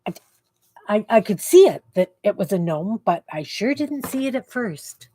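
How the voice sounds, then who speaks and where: This middle-aged woman has a warm, medium-pitched voice with big pitch swings and a normal speaking speed. Livestreaming crafts from her basement craft room, she's chatty with viewers and keeps muttering to herself as she works.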